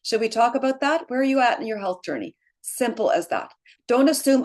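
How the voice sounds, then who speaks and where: A woman's voice: fairly high pitch, animated, brisk, darkish tone. Upbeat woman leading a team call. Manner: encouraging, frequent "right?" tags, laughs easily. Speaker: team leader.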